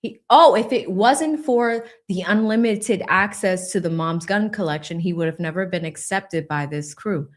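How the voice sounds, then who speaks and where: A woman with a medium-pitched voice hosts a casual livestream, reading viewers' super chats and comments aloud. She laughs while mocking the people she talks about through quick impressions.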